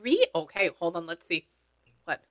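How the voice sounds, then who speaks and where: A woman's voice: on the low side, very animated, moderate pace, a bit bright. A woman working as a psychic medium, talking casually with clients and relaying what she hears in a chatty way, with slang and the odd swear word. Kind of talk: casual session talk.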